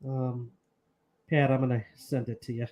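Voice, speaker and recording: A man co-hosting a podcast in casual chat, quick to react with excitement and swearing. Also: medium pitch. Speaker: podcast co-host.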